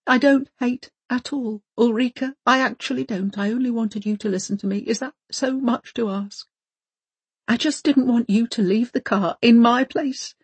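A woman's voice: fairly high pitch, moderate pace, slightly rough, no echo, pitched above the performer's own voice. A woman reading an audiobook voices a prim, fussy older wife who speaks in precise, insistent, formal phrases. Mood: brittle.

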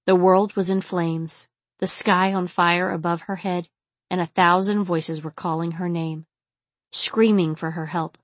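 A woman narrating a novel in a steady, intimate storytelling manner. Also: fairly low pitch, a little slow, dry recording. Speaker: audiobook narrator. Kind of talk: scripted audiobook narration.

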